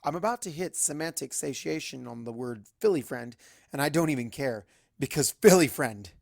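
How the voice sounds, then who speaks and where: A man's voice: mid-range voice, brisk, vocal fry, dry recording. Man, first-person story narration, wry and chatty, dry close recording. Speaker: fanfic reader.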